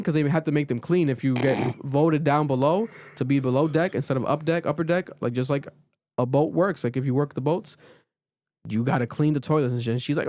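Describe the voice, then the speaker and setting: A man hosting a casual podcast, recapping a reality show in an animated, profane storytelling way. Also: medium pitch, a little fast, dry recording, studio quality. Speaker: podcast host.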